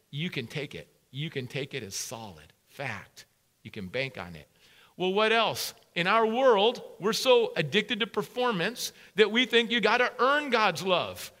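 A man's voice: high-pitched, bright, forceful tone. A man preaching a sermon as a pastor, emphatic and repeating key phrases for weight.

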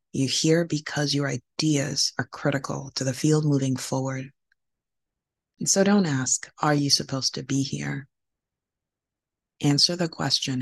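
A woman's voice: sits low, vocal fry. A woman hosting a podcast, giving an earnest, emphatic motivational talk and repeating key phrases for encouragement. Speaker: podcast host and hematologist.

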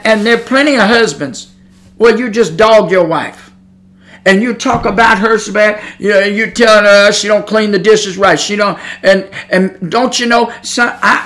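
A man's voice: high voice, a bit bright. Earnest man preaching a sermon. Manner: earnest preaching with homespun storytelling; repeats words and restarts often. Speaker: pastor.

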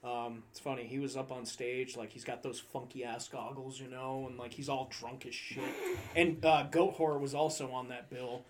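A man's voice: mid-range voice, level tone, moderate pace, background noise. A man hosting a podcast in casual chat, telling concert stories with swearing and laughter.

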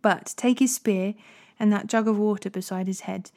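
A young male warrior, pleading and defiant, voiced by a woman reading scripture aloud. The voice climbs in pitch on emphatic questions. It stays a plain reading voice rather than a full character voice. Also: fairly even intonation, moderate pace, dark tone, close to an everyday voice. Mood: hushed.

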